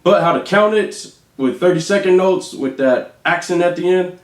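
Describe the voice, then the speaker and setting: A man teaching drum rudiments, calling out stickings and counting beats aloud slowly. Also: high-pitched, lively intonation. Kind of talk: instructional demonstration. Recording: echoey room with faint noise.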